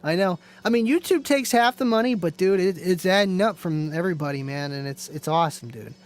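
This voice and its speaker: A man's voice: high-pitched, expressive, a little fast. A man hosting a live stream, chatting casually with viewers, laid-back and chatty, laughing often and calling people "man" and "dude".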